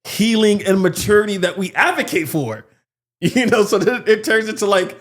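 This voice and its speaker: Animated man in casual podcast chat. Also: moderate pace. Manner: animated, acts out quotes with shifting pitch. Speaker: podcast co-host.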